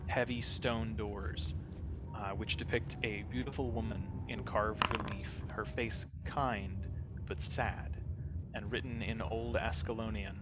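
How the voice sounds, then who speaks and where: A man acting as game master, narrating a tabletop game in slow, deliberate description. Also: fairly low pitch, steady tone, very noisy.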